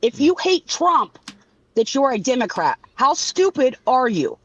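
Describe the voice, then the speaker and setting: A woman's voice: high voice, big pitch swings, a little slow. A woman co-hosting a casual political chat, blunt and fond of dry one-liners.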